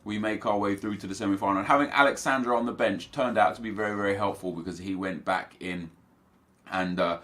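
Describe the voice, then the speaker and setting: A man's voice: fairly low pitch, fairly quick, a bit bright. A young man giving casual, chatty commentary over his own football video game matches for viewers. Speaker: gaming YouTuber.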